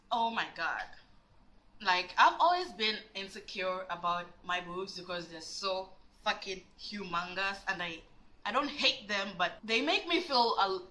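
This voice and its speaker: A woman vlogger telling a personal story in a dramatic, animated way, cussing freely. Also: medium pitch, moderate pace, poor audio. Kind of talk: storytime vlog.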